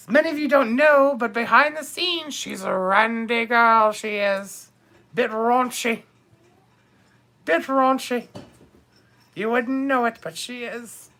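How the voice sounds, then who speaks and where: Man doing a high, bright, slow-talking bawdy duchess, theatrical and gossipy, for a comedy stream. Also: exaggerated voice. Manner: theatrical, calls viewers darling and my dears. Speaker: live stream host. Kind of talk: comedic character live stream.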